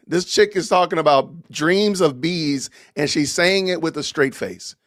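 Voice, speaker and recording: A man hosting a livestream podcast, chatting casually with animated, theatrical exasperation. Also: fairly high pitch, unhurried, hardly any pauses, no room sound, studio quality. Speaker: podcast host.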